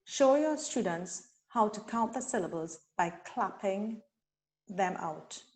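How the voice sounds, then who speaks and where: A woman from Trinidad and Tobago leading a teacher-training webinar, speaking deliberately and sounding out syllables slowly. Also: mid-range voice, expressive, a little mellow. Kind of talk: instructional webinar talk.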